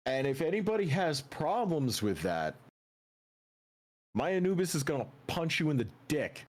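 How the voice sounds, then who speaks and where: A man's voice: a little high, big pitch swings, normal speed, darkish tone. A young man co-hosting a game stream, trading jokes and wisecracks in casual banter. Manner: wisecracking, jokey. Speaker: co-host of a let's play stream.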